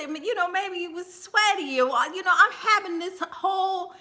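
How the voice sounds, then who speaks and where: High bright-voiced woman telling a story. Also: moderate pace, few pauses. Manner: laughs often, animated and talking to viewers. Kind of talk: casual storytime livestream.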